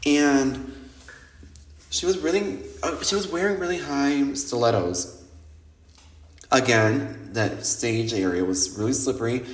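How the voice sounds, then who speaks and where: A man in a middle pitch tells wild night-out stories on his podcast. He is loose and animated, swears freely, and jumps into the voices of the people in his stories. The room echoes noticeably around him. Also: slow, long pauses. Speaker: podcast host. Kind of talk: casual storytelling monologue. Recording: roomy echo.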